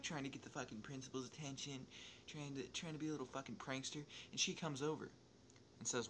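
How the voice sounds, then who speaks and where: Over gameplay footage, a young man tells a loose, meandering story as a YouTuber, swearing almost constantly and backtracking to fix what he said. His voice stays at a normal pitch, though it surges in loudness when excitement hits. There's a faint background hum.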